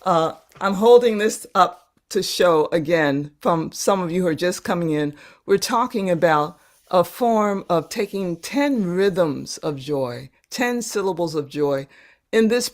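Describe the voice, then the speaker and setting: Soft-spoken, lower-pitched woman leading a workshop. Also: lively intonation. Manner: gentle, halting, repeats words while searching for them. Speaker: workshop facilitator. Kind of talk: leading a live online workshop.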